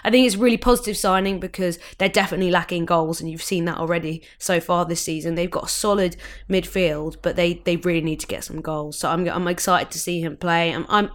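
A young woman co-hosting a football podcast, chatting casually with frequent restarts. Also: on the low side. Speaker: podcast co-host.

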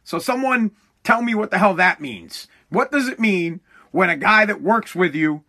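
A young man hosts his own podcast alone, telling stories in a loose, rambling stream full of swearing and false starts. His voice sits high for a man and sounds bright and forward. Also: animated, normal speed. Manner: rambling, profane, restarts often. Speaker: podcast host. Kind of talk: casual solo podcast monologue.

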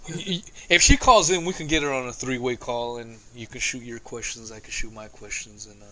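A man's voice: medium pitch, fairly quick, crowd noise, poor audio. A man hosting a casual call-in talk show, blunt and exasperated, who swears often. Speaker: host.

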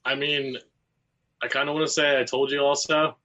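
A man's voice: medium pitch, level tone, moderate pace, pushed and bright. A man with a medium voice gives blunt, opinionated takes in casual talk and swears now and then. His audio sounds dull and lo-fi, like a call recording. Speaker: panelist. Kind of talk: casual panel chat.

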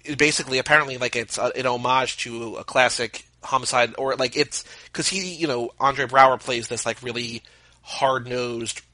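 A man's voice: mid-range voice, steady tone, moderate pace, pushed and bright, no room sound, poor audio. A man co-hosting a podcast, chatting casually about a movie and dropping trivia as he goes. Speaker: podcast co-host. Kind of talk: casual movie commentary chat.

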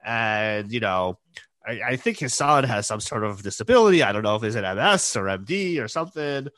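A man recapping a TV episode in casual podcast chat, hesitant and full of ums, his pitch swinging widely as he quotes the characters. The recording is close and dry. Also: animated, fairly quick, a bit bright, dry recording. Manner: hesitant, many fillers, recaps plot in quoted lines. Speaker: podcast co-host.

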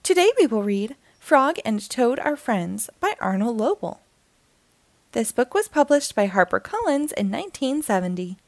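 A woman reading a children's book aloud in a slow, gentle and expressive way as a storytime host. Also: fairly high pitch, no echo. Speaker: storytime reader.

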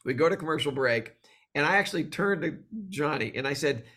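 Man telling animated stories in an interview. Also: fairly high pitch, a little fast. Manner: animated storyteller who acts out quoted voices. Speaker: guest comedian. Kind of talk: storytelling in a conversational interview.

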